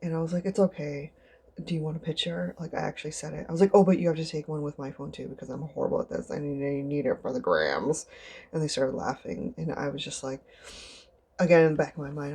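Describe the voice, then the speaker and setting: Low gravelly-voiced woman vlogging. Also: dark tone. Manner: chatty, rambling, acts out others in high squeals. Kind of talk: casual storytelling vlog.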